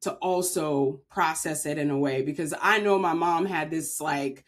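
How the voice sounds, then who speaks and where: With a low-pitched voice at normal speed, a woman from Maryland tells a heartfelt personal story as a guest on a podcast. She speaks earnestly and leans on frequent filler words.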